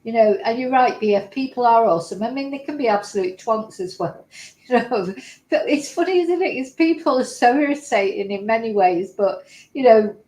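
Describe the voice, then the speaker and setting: A woman's voice: on the high side, expressive, moderate pace, darkish tone, echoey room, rough recording. A woman hosting a livestream, reacting to clips with chatty, emotional exclamations. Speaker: host.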